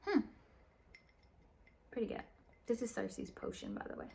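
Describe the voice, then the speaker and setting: A woman's voice: fairly high pitch, big pitch swings, normal speed, gravelly, a little mellow, slight background noise. A tired woman casually recapping a novel late at night, slangy and profane, wandering off track and acting out the characters' lines. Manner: slangy, profane, meandering retelling with mimicked dialogue. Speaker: book reviewer.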